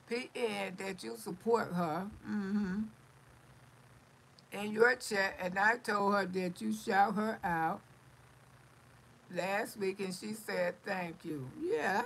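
A woman's voice: medium pitch, gravelly, a bit bright, poor audio. A middle-aged woman hosting a live stream, chatting casually, reading viewer comments aloud, blunt and salty, laughing often.

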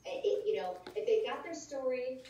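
A woman giving a conversational training talk at a conference, lively and often acting out sample lines. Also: high voice, moderate pace, vocal fry, slight background noise. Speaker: sales trainer. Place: large conference room. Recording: roomy echoey hall, distant dull mic.

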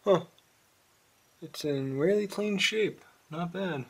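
In his garage, a New England-accented man with a voice a touch higher than most men's explains a mower repair for his small engine vlog. He speaks slowly with a fairly bright tone, rambling through ums and the odd curse word. A roaming camera mic catches him nearer and farther, with slight background noise.

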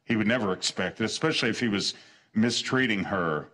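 A pastor preaches an earnest sermon, repeating short phrases for emphasis, stumbling, and restarting sentences midway. His voice is lowish and a bit bright, and he talks briskly.

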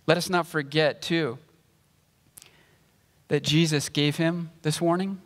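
A pastor preaching a sermon, explaining scripture and reading verses aloud in a measured way. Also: male voice, a little high, steady tone, in a large hall. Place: church sanctuary.

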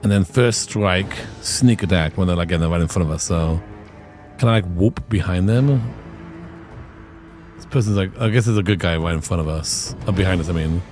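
A man's voice: low voice, normal speed, darkish tone, faint music behind. A man streaming a game, rambling casually with lots of filler words as he picks his moves. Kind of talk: casual gameplay commentary.

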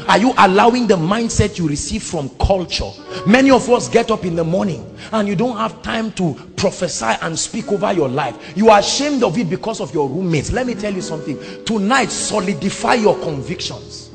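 Emphatic Nigerian preacher in a hall. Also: male voice, high voice, gravelly. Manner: emphatic, swinging between hushed and shouted. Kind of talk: sermon. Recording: sermon in a reverberant hall.

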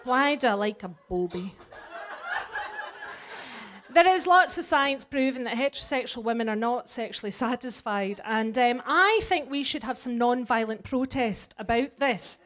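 A woman's voice: a little high, lively intonation, normal speed. A Scottish woman performing a sweary, flippant stand-up comedy set live before an audience. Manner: brash, sweary and flippant, with big swings in loudness.

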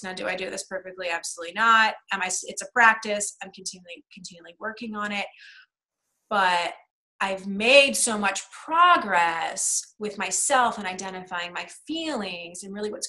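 A woman's voice: medium pitch, pushed and bright, poor audio. A woman guest, in a conversational interview, talks earnestly and reflectively, thinking aloud about feelings and family.

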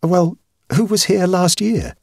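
A man voicing a skeptical young gentleman painter, brisk and questioning. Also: high voice, gravelly, husky, no echo, clean studio sound, pitched above the performer's own voice, heavily acted. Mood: curious.

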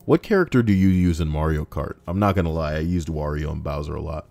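Deep-voiced sarcastic young man. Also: fast talker, vocal fry, darkish tone, dry recording. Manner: rambling, sarcastic, swears freely. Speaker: YouTuber reading forum posts. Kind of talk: casual reaction commentary.

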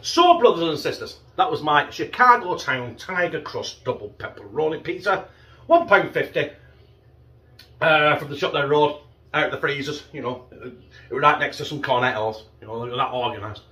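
Reviewing a frozen pizza for his casual vlog, a middle-aged man with a northern English accent chats freely, curses without restraint, and sometimes speaks mid-chew. His delivery is expressive at a normal speed, pitched a little high, with a pushed, bright quality.

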